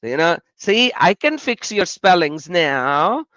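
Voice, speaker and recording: A man with a high-pitched voice speaks unhurriedly while hosting a casual live stream chat. Laughing, he animatedly tells stories and talks with his chat viewers. There is no room sound, but the recording is muffled.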